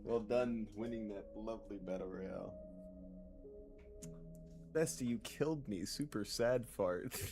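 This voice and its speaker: A man's voice: fairly low pitch, measured pace, long pauses, over music. Joking, profane male streamer. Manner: loose, joking and profane, reads chat aloud. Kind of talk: casual live-stream chatter.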